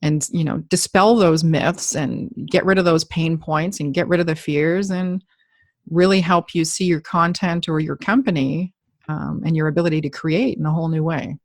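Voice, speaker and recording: A woman's voice: low voice, steady tone, normal speed, no echo, studio quality. Chatty, jokey woman podcast host. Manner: chatty, jokey, swears casually. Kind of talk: casual interview chat.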